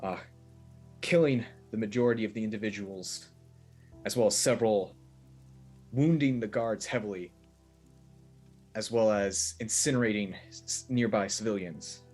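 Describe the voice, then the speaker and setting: Low husky guy telling his part in a tabletop game, halting, lots of uhs. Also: a little mellow, soft background music. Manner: halting, with fillers. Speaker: player. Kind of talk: narrating a backstory in a tabletop game.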